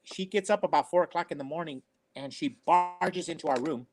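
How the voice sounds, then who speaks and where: Earnest older man, slightly high voice. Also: a little fast, a little hiss or hum. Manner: earnest, rambling, repeats himself. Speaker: storyteller on a family talk show. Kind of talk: casual personal storytelling.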